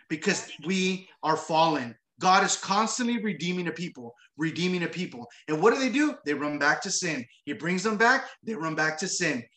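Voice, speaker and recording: High-voiced, bright-toned male preacher. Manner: conversational, repeats words, frequent tag questions. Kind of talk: sermon with scripture reading. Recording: roomy echo.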